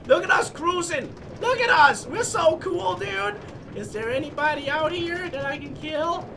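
A young man giving excited, hyper gameplay commentary as a gaming video host, often yelling at the game. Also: extremely high pitch, measured pace, background noise. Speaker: gaming YouTuber.

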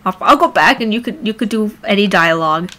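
A woman's voice: medium pitch, lively intonation, a little fast, pushed and bright. A young adult woman streaming a game, tired after work, chatting casually and playfully with lots of giggles. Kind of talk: casual gameplay commentary.

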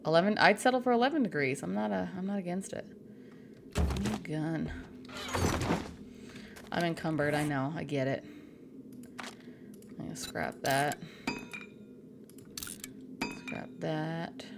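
A woman's voice: low voice, a little slow, creaky, long pauses, music in the background. A woman from Canada chatting casually and making crude jokes while playing a game on a live stream.

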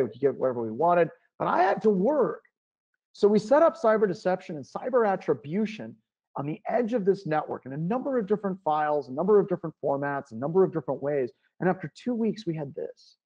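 A man giving a conference keynote, telling an animated story and jumping into high pitch for the voices he quotes. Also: lo-fi sound. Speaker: keynote speaker. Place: conference stage.

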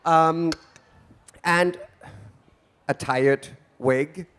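High-voiced campy drag host. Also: male voice, steady tone, extremely slow, fairly bright tone, slight background noise. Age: 40s. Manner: flamboyant, camp, theatrical. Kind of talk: campy stage banter. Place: event stage before an audience.

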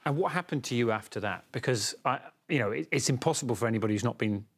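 A male news presenter with a middle-pitched voice. He introduces the segment and then asks measured, probing questions in a steady broadcast manner. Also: slightly rough.

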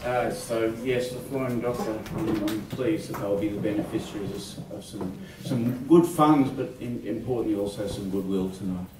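An Australian man performing a comic bush poem live in a hall, theatrical and lively, with chuckling asides. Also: lowish voice, moderate pace, few pauses, noisy background. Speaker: folk club performer. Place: large hall, live concert. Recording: echoey hall, from far off, music.

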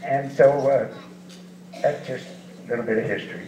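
This man's voice is medium-pitched and a little mellow, with a moderate pace. He's an eastern Washington rodeo hall of fame inductee in his eighties, chuckling through rambling, folksy tales in an onstage interview, captured with faint background noise in a distant, echoey, dull-sounding hall.

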